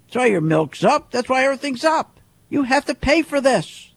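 A man's voice: extremely high pitch, very animated, moderate pace. A man giving a heated, repetitive monologue as a market commentator, firing off rhetorical questions. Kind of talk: ranting monologue.

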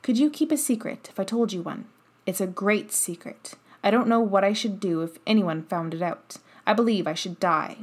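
A woman voicing a shy, contrary young girl who speaks quickly when upset. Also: medium pitch, lightly acted.

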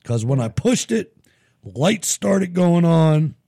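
A middle-aged man hosting a live show, telling profane, animated stories in casual chat. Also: fairly high pitch, takes it slowly, creaky, slightly rough. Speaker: show host.

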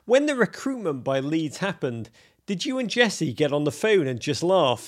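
A man's voice: a little high, sing-song, moderate pace. A man hosting a podcast interview in a jokey, theatrical way. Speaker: podcast host. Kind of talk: playful interview.

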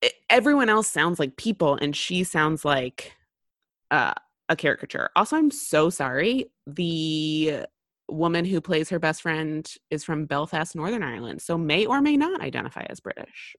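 A woman in her thirties co-hosting a casual podcast chat, talking fast and loose with lots of fillers and restarts. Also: sits low, big pitch swings, fairly bright tone, no room sound, studio quality. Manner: chatty, many fillers and restarts. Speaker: podcast co-host.

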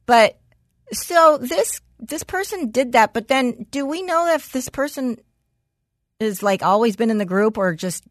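A woman's voice: on the high side, animated, unhurried, no echo, studio quality. Laughing woman with a Jersey accent. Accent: New Jersey. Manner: laughing often, blunt and profane. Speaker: podcast co-host. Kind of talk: casual chat.

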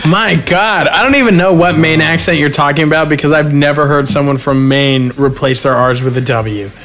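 A man co-hosting a casual podcast, rambling and halting as he tells a story. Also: fairly high pitch, a bit bright, soft background music. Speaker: podcast co-host. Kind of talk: casual chat.

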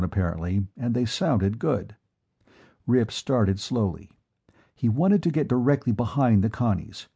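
A male narrator reads an adventure story in a steady, measured way. His voice is dark and mellow, with a husky grain. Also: lowish voice. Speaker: audiobook narrator. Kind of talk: scripted narration.

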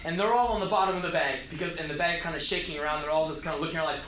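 A man telling spoken word stories, animated, bursting into shouted impressions and mock laughs. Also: fairly high pitch, racing, few pauses, a crowd in the background. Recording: roomy echo.

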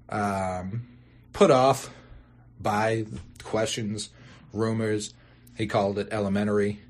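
A young man hosting a sports podcast, ranting and swearing, his voice jumping high when outraged. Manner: exasperated, swearing, bursts into high-pitched outrage. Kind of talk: profane ranting podcast intro.

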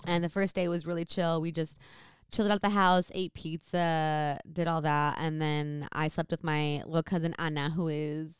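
A young woman tells a story in easygoing, chatty talk. Her voice sits low and smooth. The recording is dry and close, with no room sound. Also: steady tone, normal speed, no echo. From San Francisco Bay Area, California. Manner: chatty, lots of "like". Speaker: vlogger. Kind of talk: casual storytime chat.

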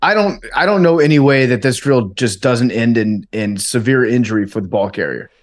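A man's voice: mid-range voice, animated, moderate pace. A man hosting a podcast, joking and laughing casually with a guest. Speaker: podcast host. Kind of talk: casual chat.

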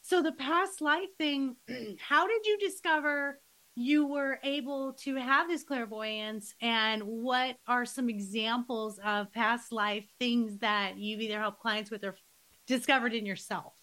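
A woman's voice: a little high, slow pace, sharp tone. A middle-aged woman hosting a podcast, chatting casually with her guest and affirming what she hears. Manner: enthusiastic, affirming interjections. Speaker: podcast host and coach. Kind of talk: casual interview conversation.

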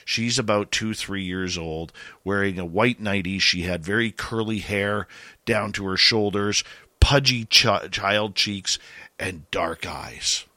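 A middle-aged man telling a ghost story in a casual, animated way, getting louder at the scary parts. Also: fairly low pitch, slow, dry recording.

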